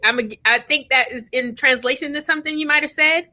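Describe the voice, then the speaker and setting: A middle-aged woman hosting a livestream, reading out viewer comments, excitable and effusive, laughing often. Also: high voice, fairly quick. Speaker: host.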